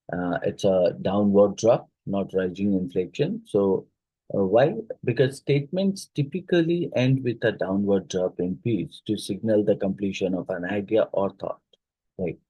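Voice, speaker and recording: Low, husky-voiced man teaching phonetics. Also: dark tone, dry recording, rough recording. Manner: talks through questions, repeats them aloud, many fillers. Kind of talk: exam-prep lecture.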